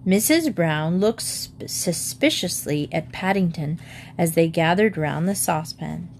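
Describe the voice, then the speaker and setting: A woman narrating a children's storybook aloud in a measured, clear way. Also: fairly low pitch, expressive, a little hiss or hum.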